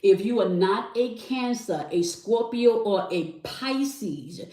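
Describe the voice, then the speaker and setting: A woman's voice: mid-range voice, animated, takes it slowly, warm tone. A woman hosting a spiritual tarot channel, teaching in a monologue and checking in with "okay?" after almost every phrase. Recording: echoey room, somewhat far from mic.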